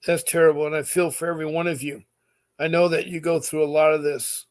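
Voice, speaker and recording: A man's voice: fairly high pitch, level tone, fairly quick, slight background noise. A middle-aged man talking straight to his viewers, giving earnest, insistent advice that repeats its points, with many fillers. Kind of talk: direct-to-camera advice talk.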